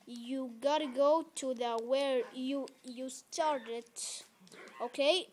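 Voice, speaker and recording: High halting voice. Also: fairly even intonation, a little hiss or hum. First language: Arabic. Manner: halting, repeats words, scolds the game animals loudly. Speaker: gameplay video maker. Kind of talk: casual gameplay commentary. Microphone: phone camera held between the knees.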